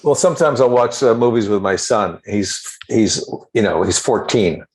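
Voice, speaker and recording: A man guesting on a comedy podcast, telling dry, deadpan anecdotes. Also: fairly low pitch, normal speed. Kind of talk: casual comedy chat.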